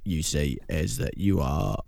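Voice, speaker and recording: A man's voice: very deep voice, a little slow, vocal fry, darkish tone, no room sound, studio quality, heavily acted. A man putting on an impression of an older male British film star, speaking in a smug, matter-of-fact drawl.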